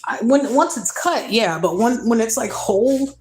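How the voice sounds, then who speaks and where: A tired young woman talks straight to her own camera in a loose, rambling vlog. She is candid and chatty, drifting between everyday thoughts, and her voice rises high whenever she grows emotional. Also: animated, moderate pace, darkish tone, slightly rough. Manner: rambling, emotional, candid, swings to a high pitch when moved. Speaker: mother vlogging her day. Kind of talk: casual vlog chat.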